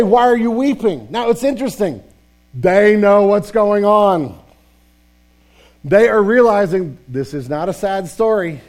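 A man preaching an Easter sermon with passion, sometimes dropping his voice low and quiet. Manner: impassioned, drops to a hushed voice for tender passages. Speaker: pastor.

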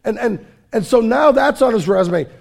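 A man's voice: extremely high pitch, expressive, moderate pace, gravelly. A man preaching a sermon as pastor, telling the story in a casual, conversational way with fillers and repeated words.

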